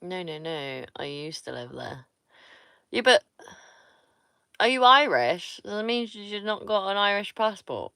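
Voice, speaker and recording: A woman, chatting slowly and easily with her livestream viewers. Her voice is bright and crisp, and she is blunt and teasing and swears freely. The sound is close and dry, with no room echo. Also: mid-range voice, very animated. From Somerset, England. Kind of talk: casual live-stream chat with viewers.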